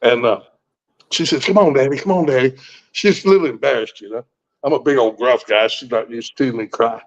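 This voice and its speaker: A man's voice: mid-range voice, brisk. Folksy blunt man in his sixties, muffled. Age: 60s. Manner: folksy, blunt, swears freely, restarts often. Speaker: guest. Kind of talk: casual personal storytelling. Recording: muffled lo-fi recording.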